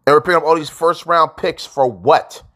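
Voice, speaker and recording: A frustrated sports fan vlogger rants casually, his voice swinging between loud outbursts and low mutters. He talks fairly quickly.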